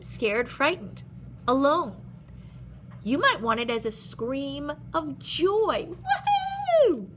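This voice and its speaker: A woman art teacher leading a step-by-step drawing lesson for young children, animated and expressive, explaining in simple words. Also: high voice, slight background noise.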